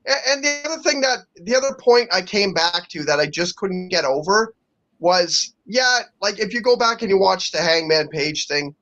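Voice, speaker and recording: A man rambles bluntly on a podcast, stacking fillers and restarts. His voice sits high. The audio is dull and lo-fi. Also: animated, moderate pace, fairly bright tone. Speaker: podcast co-host. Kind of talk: casual wrestling chat.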